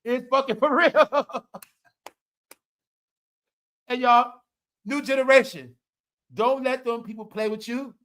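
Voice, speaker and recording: A man giving casual comedic commentary to his audience, loud and profane, laughing often and swinging between shouting and muttering. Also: very high voice, fairly even intonation, takes it slowly, long pauses. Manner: profane, talks straight to the audience. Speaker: online commentator.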